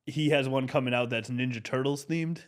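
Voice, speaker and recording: A man's voice: medium pitch, fairly even intonation, a little fast. A man co-hosting a sports podcast, talking frankly and conversationally with lots of "bro" and "like". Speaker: podcast co-host. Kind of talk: casual sports chat.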